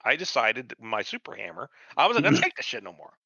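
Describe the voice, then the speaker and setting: A podcast co-host with a medium-pitched voice rants heatedly and sarcastically about a show, swinging hugely in pitch, talking fast with vocal fry and a sharp, breathy edge. He swears freely and acts out characters mid-rant. The recording is dry, with dull lo-fi sound and no room sound.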